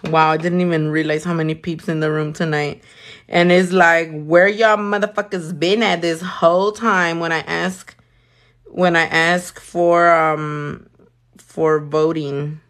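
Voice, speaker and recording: A woman's voice: deep voice, steady tone, measured pace, a bit bright. A woman, chatting casually and cursing freely while livestreaming her nail work. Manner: sassy, swears a lot, mixes in Spanish.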